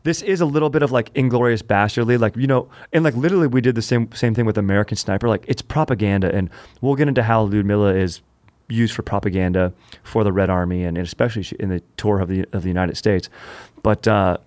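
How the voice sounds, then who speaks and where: A man hosting a comedy podcast, telling a history story in an animated, joking way full of puns. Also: fairly low pitch, fast, no room sound. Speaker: podcast host.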